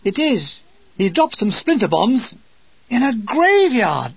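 Casting: older British narrator, wry and dry, high husky voice, dull dry lo-fi recording. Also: male voice, big pitch swings, slow, dry recording. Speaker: memoir narrator. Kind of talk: reading a war memoir.

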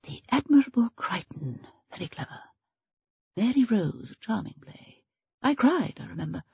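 Prim, shrewd old lady sleuth read by a woman, husky and gravelly, in a dull lo-fi recording. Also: mid-range voice, very animated, moderate pace, dark tone, dry recording, voice pushed up, full character voice. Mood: musing. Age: older. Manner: prim, thoughtful, murmuring. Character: elderly spinster sleuth, shrewd, genteel.

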